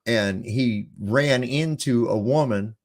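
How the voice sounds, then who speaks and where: A man's voice: mid-range voice, slow. A man hosting a casual podcast, rambling through stories with plenty of swearing. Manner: rambling, profane, storytelling. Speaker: podcast host.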